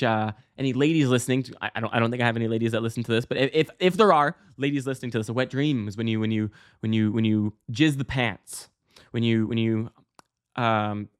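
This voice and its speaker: A man hosting a podcast, telling a story casually with lots of fillers, restarts and swearing, breaking into loud high yelps. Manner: bursts into loud high-pitched exclamations when acting out scenes. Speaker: podcast host.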